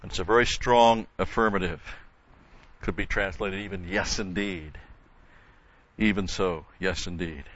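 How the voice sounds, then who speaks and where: Slow, deliberate older male Bible teacher. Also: low voice, fairly bright tone, highs cut off. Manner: measured, explanatory, with frequent restarts and emphatic repetition. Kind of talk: verse-by-verse Bible study teaching.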